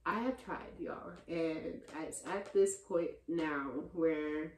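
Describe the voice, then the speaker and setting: A young woman in her twenties chatting casually in a Q&A vlog, talking to her viewers as "y'all" and getting loud and animated when she vents. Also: low voice, slow pace. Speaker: vlogger answering viewer questions. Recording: roomy echo.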